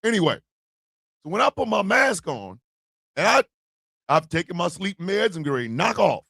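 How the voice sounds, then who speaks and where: A man hosting a casual morning show, loud and profane, often shouting and laughing as he talks. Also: sits high, very animated, moderate pace, gravelly, breathy edge, no echo, clean studio sound. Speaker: host of a morning stream show.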